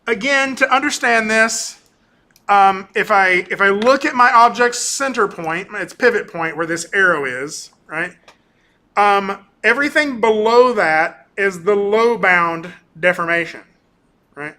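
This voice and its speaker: A male animation instructor lecturing casually through a software demo, often ending points with "right?" and pausing on "um". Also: high-pitched, lively intonation. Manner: casual, talkative, keeps tagging on "right?"; frequent ums and restarts. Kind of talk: recorded class lecture with screen demo.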